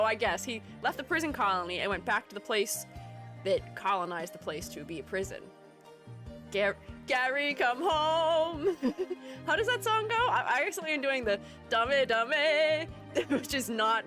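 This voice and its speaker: A woman's voice: on the high side, sharp tone. A young woman chatting casually on her live stream, rambling and playful, often breaking into giggles. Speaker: streamer and art educator.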